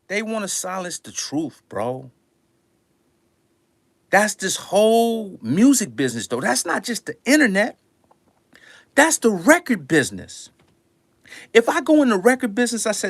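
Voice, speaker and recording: A man's voice: high voice, sing-song, moderate pace, fairly bright tone, no echo. An older man, a music producer, giving a passionate, preachy talk to his audience in slangy speech, repeating his lines for emphasis. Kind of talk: passionate monologue.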